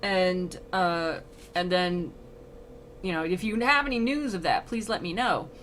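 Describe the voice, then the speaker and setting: A woman's voice: lowish voice, measured pace, fairly bright tone, slight background noise. A woman voicing an eager male spirit trapped in a flame, rambling out questions about home.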